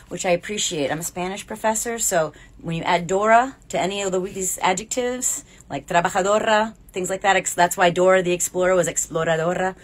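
A middle-aged woman with a Southern American accent, co-hosting a casual knitting podcast and telling stories with animated, bubbly energy. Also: lowish voice, a little fast, few pauses. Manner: bubbly, animated storyteller with laughs. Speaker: podcast co-host, Spanish professor. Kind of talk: casual chat while knitting. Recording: faint background noise.

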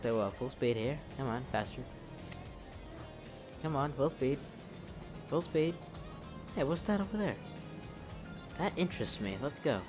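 A man's voice: mid-range voice, animated, a little slow, long pauses. A young man casually commenting while he plays a video game, narrating his own moves and swearing at the game when things go wrong. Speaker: gameplay commentator. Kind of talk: casual let's-play commentary. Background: game music.

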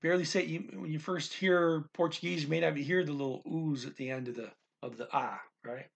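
A man teaching a language in a casual, thinking-aloud way, reading phrases slowly and restarting often. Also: fairly high pitch, fairly even intonation, vocal fry, slight background noise. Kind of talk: casual explanatory lesson.

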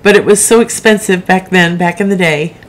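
A woman's voice: on the low side, brisk. A middle-aged woman author hosting a live broadcast, chatting frankly and rambling into asides with her viewers. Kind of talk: casual livestream chat.

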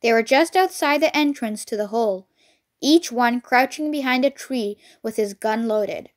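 A woman narrating a children's storybook as a read-along, reading clearly and expressively. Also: a little high, moderate pace.

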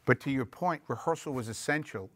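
Man, film director, storytelling interview, middle pitch, dry close sound. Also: a little fast, a bit bright, no room sound. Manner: reflective, acts out quoted voices.

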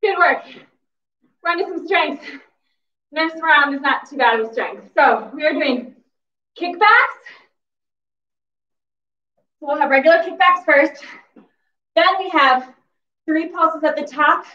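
High-voiced woman, fitness instructor, out of breath, slow cueing, echoey distant gym sound. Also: dull audio. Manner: energetic cheering cues with whoops. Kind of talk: workout class coaching. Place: exercise facility gym.

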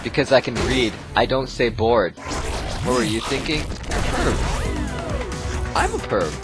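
A man's voice: medium pitch, big pitch swings, a little slow. Goofy young man narrating his gameplay. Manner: goofy, rambling, talks to viewers. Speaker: gaming video host. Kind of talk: let's play commentary. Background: game music.

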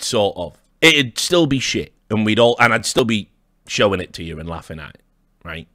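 A man's voice: fairly low pitch, a bit bright, no room sound. A man hosting a livestream, mocking and rambling in a dry, sardonic way with chuckles. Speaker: livestream host.

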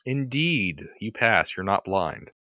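Game master, male, low voice with big swings, casual and crude, dull lo-fi mic, dry. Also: sing-song, slow, bright, forceful tone, no echo. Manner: casual, crude, stumbles and restarts when explaining. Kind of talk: running a tabletop game over a live stream.

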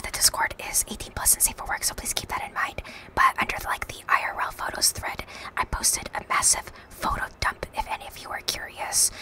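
Whispering young woman streamer, swearing casually. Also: rough recording. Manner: casual, chatty, swears often. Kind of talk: whispered role-play.

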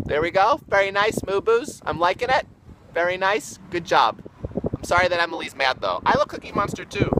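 A man hosts a casual livestream, riffing with his viewers in a goofy, playful way. His voice sits fairly high and swings widely in pitch. Loud ukulele plays behind him. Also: expressive, moderate pace, over loud music, poor audio. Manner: goofy, playful, bouncing between silly voices. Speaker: livestream host. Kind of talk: improvised comic livestream banter.

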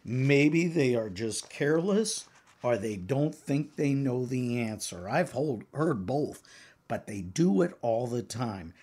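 A man's voice: mid-range voice, animated, slow pace, a little mellow, husky. An older man, a professor and exam-prep author, lecturing earnestly and emphatically to counseling exam takers.

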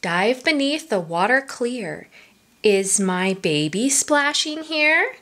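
A woman's voice: fairly high pitch, sing-song, takes it slowly, fairly bright tone. A woman reading a picture book aloud to young children at story time. She speaks in a sing-song way, asks the children questions and drops into whispers for asides.

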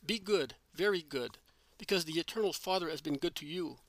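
A calm, solemn male teacher speaks kindly, voiced by a male reader. He sounds fairly high-pitched for a man. The recording is dry and close. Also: brisk, no room sound, natural voice. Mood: gentle.

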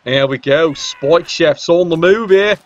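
A man's voice: a little high, unhurried, highs cut off. A man giving casual, sarcastic play-by-play commentary on a video game match. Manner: cheeky, sarcastic banter.

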